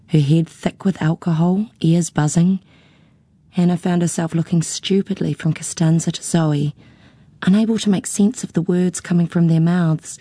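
Low, husky woman narrating a story. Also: dark tone, dry recording. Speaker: audiobook narrator. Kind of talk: scripted narration.

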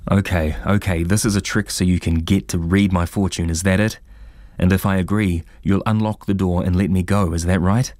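A man's voice: low voice, steady tone, normal speed, a little mellow, no echo, clean studio sound, close to an everyday voice. A man voicing a frightened, skeptical male writer in a storybook reading, protesting defensively. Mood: panicked.

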